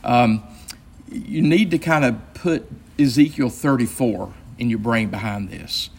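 A man's voice: medium pitch, a little slow, breathy edge. A man, a pastor, leading a Bible study in a conversational, explanatory way with frequent fillers and restarts.

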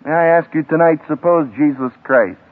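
Guy preaching to grads, kinda high voice, really dramatic swings, sounds like an old phone-thin radio tape. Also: normal speed. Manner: dramatic, emphatic delivery with wide swings in pitch and loudness. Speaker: seminary professor preaching. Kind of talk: sermon to a graduating class. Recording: tinny lo-fi archival radio broadcast.

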